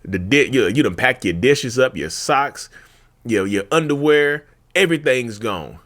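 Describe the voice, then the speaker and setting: A man hosting a casual talk video, speaking into a handheld mic while seated at home, colloquial and animated, repeating his phrases with folksy asides. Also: medium pitch, measured pace. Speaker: YouTube host talking about narcissism. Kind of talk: casual direct-to-camera talk. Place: seated at home in front of a tripod camera.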